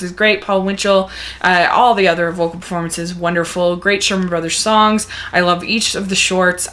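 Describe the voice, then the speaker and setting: A woman's voice: on the low side, a bit bright. A woman gushing enthusiastically as she reviews a film, retelling the story with plenty of repetition. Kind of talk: casual video review.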